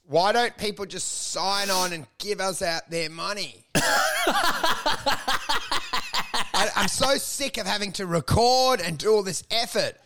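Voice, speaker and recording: A man's voice: high-pitched, expressive, takes it slowly, long pauses, pushed and bright. A man riffing as a podcast co-host, rambling and self-mocking with plenty of swearing. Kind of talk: casual comedic podcast chat.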